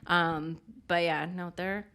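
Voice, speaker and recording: A woman's voice: on the low side, fairly even intonation, slow, a bit bright, clear, resonant tone. A woman co-hosting a casual chat, telling a funny story about a game with lots of fillers and laughter. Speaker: podcast co-host.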